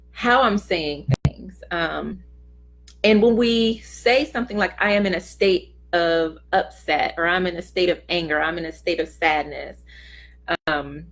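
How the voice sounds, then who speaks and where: A woman's voice: medium pitch, a bit bright. Earnest woman giving a motivational talk. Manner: earnest, conversational, acts out little quoted voices. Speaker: host of a self-help talk.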